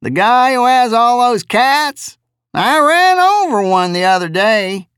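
A lazy, drawling driver from the backwater fringes of a settlement, as a male audiobook narrator puts him on, talking in a high, raised voice with a careless, offhand ease. The read sounds dry and close, with no room around it. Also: sing-song, slow, a bit bright, clean tone, no room sound, heavily acted. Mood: amused. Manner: offhand, casual.

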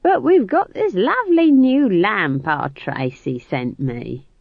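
A woman's voice: medium pitch, expressive, slow, creaky, no echo, pitched above the performer's own voice, heavily acted. A woman voicing a chatty, mischievous old female witch with rustic, folksy grammar. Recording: dull dry studio read.

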